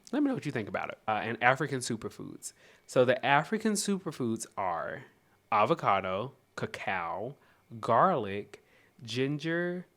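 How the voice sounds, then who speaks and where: Southern American man, vlog host, chatty reader, voice leaps all over, mid-pitched. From Southern United States. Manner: animated, chatty, reads aloud and reacts with sudden high exclamations. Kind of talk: casual cookbook review vlog.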